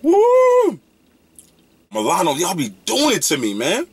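A young man casually reviewing snacks in a vlog, excitable and slangy, breaking into loud whoops. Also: a little high, a little fast, husky.

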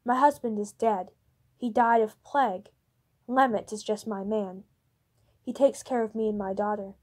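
A woman reading the lines of a timid young mother, who speaks quietly and guardedly. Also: mid-range voice, steady tone, normal speed, natural voice.

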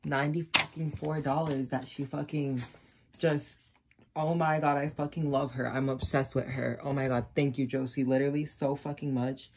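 A young adult vlogger chatting through an unboxing, excitable and gushing, swearing freely and breaking into delighted squeals. The voice sits at a middling pitch. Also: moderate pace, a little hiss or hum. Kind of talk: casual unboxing vlog.

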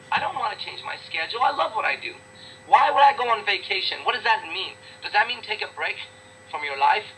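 In a casual interview, a business owner answers questions in a high, pushed, bright voice on a rough recording. He's blunt, emphatic, and profane, often repeating himself for emphasis.

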